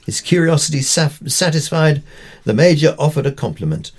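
A man's voice: on the high side, animated, moderate pace, slightly rough. An older man from Pakistan reading his own opinion column aloud, with wry, dry humour. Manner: wry, dryly humorous storytelling.

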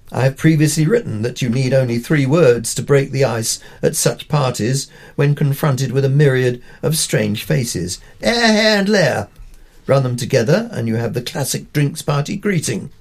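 A man's voice: mid-range voice, darkish tone. An older man from Pakistan reading his own opinion column aloud, with wry, dry humour. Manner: wry, dryly humorous storytelling.

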